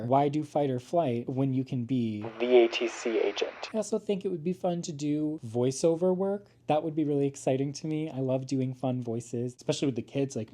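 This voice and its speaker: A young American man talks straight to his camera from his couch or kitchen table, in a casual vlog full of campy, self-mocking asides and free swearing. His voice is very dark and mellow, sitting at an ordinary middle pitch. He plays up dramatic pauses for comic effect. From United States. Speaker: YouTuber introducing his channel. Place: home, seated at couch or table. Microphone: camera mic.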